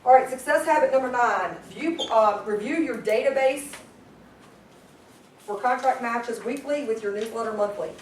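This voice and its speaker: Lively woman trainer in an echoey room. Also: fairly high pitch, moderate pace, slight background noise. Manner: energetic, quizzes the audience. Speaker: sales trainer. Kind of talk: live training class. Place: meeting room with a group. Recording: echoey room, distant mic.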